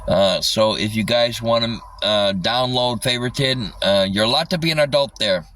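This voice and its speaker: A man rambling in casual livestream chat, swearing often and halting with lots of fillers. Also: mid-range voice, fairly bright tone, recorded from a distance, a little hiss or hum.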